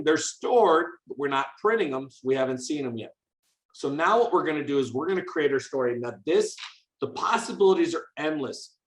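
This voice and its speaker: A male teacher walks other teachers through a coding demo in a loose, upbeat way, full of fillers and quick restarts. His voice sits at a middle pitch, and the room adds a noticeable echo around him. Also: a bit bright. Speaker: teacher leading a coding workshop. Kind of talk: casual hands-on teaching demo.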